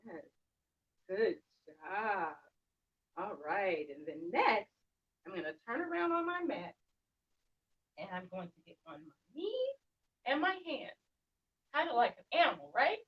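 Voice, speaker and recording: A woman's voice: fairly high pitch, very animated, normal speed, long pauses. A young woman leading a children's yoga class, playful and encouraging, with sing-song prompts. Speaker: kids yoga teacher. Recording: muffled sound, distant from the mic.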